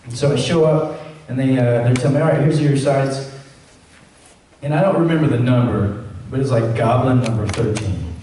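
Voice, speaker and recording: A man, a voice actor, telling stories and answering fan questions on a convention panel, acting out quoted lines in a higher voice. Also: moderate pace, mellow, slight background noise. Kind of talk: Q&A panel storytelling. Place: large echoey event hall. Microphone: room recording from the audience. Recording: echoey hall, far from the mic.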